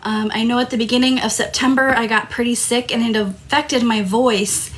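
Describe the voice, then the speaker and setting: Her voice leans high, with fairly even intonation at normal speed. This Tucson, Arizona woman hosts a live crafting stream, chatting easily and saying sorry each time a throat tickle makes her cough.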